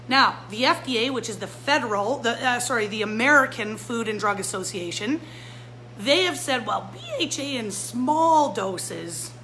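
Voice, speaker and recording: High-voiced woman running a pet shop livestream, bright and fired up, slight hum behind. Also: rough recording. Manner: fired-up, animated, talks straight to viewers. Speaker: pet store owner. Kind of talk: live-stream product talk. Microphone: phone or camera mic.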